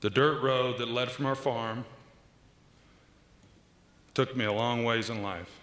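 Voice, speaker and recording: A man, giving an earnest, measured acceptance speech at a podium with pauses and small restarts. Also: mid-range voice, fairly even intonation, a bit bright. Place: large banquet hall. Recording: echoey hall with long reverb.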